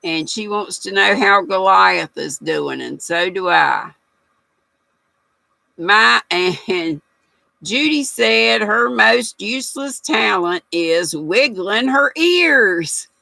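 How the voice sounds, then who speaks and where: Gravelly older lady, slow folksy livestream chat, reads comments, dry sound. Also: mid-range voice, expressive, sharp tone, no room sound, rough recording. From United States. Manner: chatty, folksy, reads viewer comments aloud and laughs often. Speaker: livestream host.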